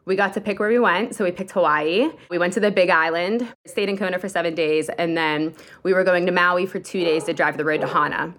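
A young woman from Pennsylvania calls in to share a personal story, retelling it casually and vividly with her inner thoughts quoted aloud. Her voice is on the low side and brisk, with hardly any pauses.

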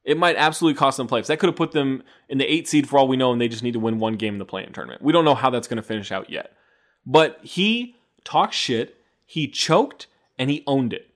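A man co-hosting a podcast, talking basketball in a loose, animated way, cursing casually and laughing often. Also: medium pitch, brisk. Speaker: podcast co-host. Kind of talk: casual sports chat with banter.

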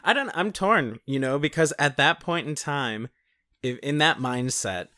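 Bright-voiced man chatting casually. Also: a little high, lively intonation, measured pace, dry recording, studio quality. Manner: profane, laughing, acts out quoted voices. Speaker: podcast co-host. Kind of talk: casual film discussion chat.

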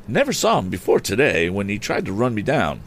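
A man voicing an eager, excited teenage boy who talks in a hurried, urgent way in a storybook reading. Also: on the low side, slight background noise, voice pushed up.

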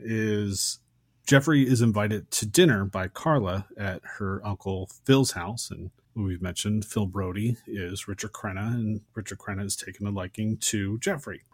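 A man co-hosting a podcast, casually recounting a favorite film scene in a relaxed, conversational way. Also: on the low side, dry recording, clean studio sound. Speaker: podcast co-host.

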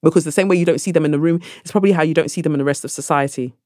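Woman guest on a podcast, animated storyteller, does little voices, dry close mic. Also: low voice, racing, dry recording. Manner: animated, acts out voices in her anecdotes. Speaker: podcast guest, actress and author. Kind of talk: lively conversational storytelling.

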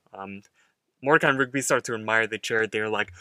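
A young man in his twenties talks casually on a podcast, recapping a cartoon and acting out the characters' lines. His voice is bright and forceful, recorded close and dry. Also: lowish voice, normal speed, smooth, no room sound. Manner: animated, acts out characters' lines while recapping. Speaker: podcast co-host.

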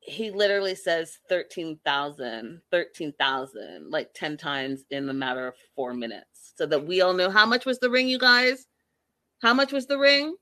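Woman streamer, middle-pitched, sassy and exasperated recapping for her chat; dry, close sound. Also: no room sound. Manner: sassy, animated, exasperated commentary addressing viewers. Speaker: host recapping a reality show. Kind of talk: casual live-stream recap.

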